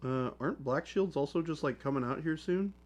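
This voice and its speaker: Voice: medium pitch, brisk, a little mellow. A playful livestream host joking around and thinking aloud while painting miniatures. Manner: playful, jokey, slips into silly voices. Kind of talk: casual livestream banter.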